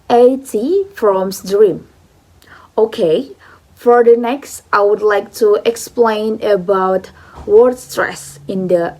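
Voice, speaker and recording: A woman's voice: medium pitch, a little mellow. A young woman, a student, explaining a phonology lesson in a careful, hesitant way, with frequent fillers. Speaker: student presenter.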